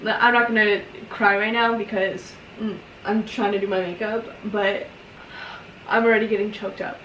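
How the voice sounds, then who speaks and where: A woman's voice: mid-range voice, flat delivery, normal speed, muffled recording, background noise. A young woman casually telling a personal story while doing her makeup, chatty and emotional, with lots of fillers. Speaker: vlogger. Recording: roomy echo, mic at a distance.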